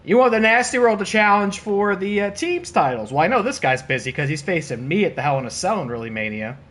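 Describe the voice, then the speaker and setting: A man streaming and commentating a wrestling video game, excitable and laughing, with casual swearing and playful trash talk. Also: high-pitched, a little fast. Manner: excitable, laughing, bursts of disbelief.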